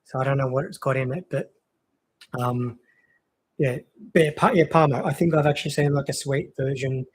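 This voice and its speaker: Husky rambling man chatting. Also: medium pitch, normal speed, low-quality recording. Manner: rambling, chatty, lots of fillers. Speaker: co-host of a cricket watchalong stream. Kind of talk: casual chat.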